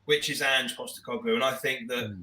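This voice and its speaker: Bright-voiced man on a roomy, distant mic. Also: medium pitch, fairly even intonation, fairly quick. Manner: rambling, enthusiastic, many restarts. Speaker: podcast co-host. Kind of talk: casual football chat.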